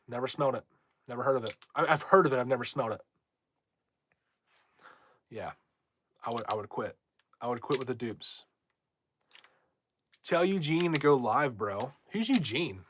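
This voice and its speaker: A young man hosting a casual livestream from home, brash and rambling as he reads viewer comments aloud. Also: medium pitch. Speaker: livestream host.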